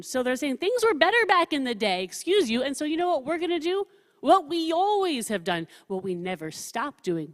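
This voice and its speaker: A woman rabbi teaching a study session in a casual, humorous way, reading scripture quotes with lively emphasis. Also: sits high, moderate pace. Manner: chatty, humorous, reads quotes with animated emphasis. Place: synagogue hall. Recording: long reverb of a large room.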